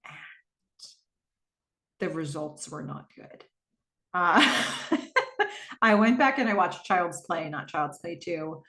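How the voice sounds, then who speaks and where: A woman's voice: fairly low pitch, very animated, slow, pauses often, pushed and bright. A woman hosting a podcast, recapping a TV episode in a casual, chatty way with frequent fillers. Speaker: podcast host. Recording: roomy echo.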